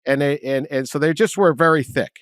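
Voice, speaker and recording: A man's voice: a little high, a little fast, smooth, dry recording, clean studio sound. A middle-aged man from the Boston area, co-hosting a casual sports chat and telling rambling, self-deprecating stories with frequent laughter. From Boston area, Massachusetts. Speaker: podcast co-host.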